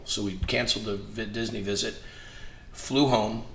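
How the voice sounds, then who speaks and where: A man on the low side of the pitch range talks at normal speed as a guest, animatedly telling casual stories in conversation and acting out the dialogue. You can hear echo and faint noise in the room.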